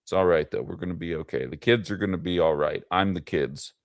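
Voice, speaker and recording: A man's voice: deep voice, fairly quick, no echo. A man hosting a casual political livestream, talking in a rambling way with fillers and asides to his chat. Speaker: livestream political show host.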